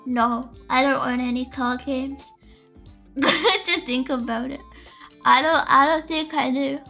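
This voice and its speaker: A woman's voice: high voice, flat delivery, measured pace, vocal fry, bright, forceful tone. A young adult woman streaming and chatting casually, rambling into melodramatic, exaggerated rants aimed at her chat. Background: faint lofi music.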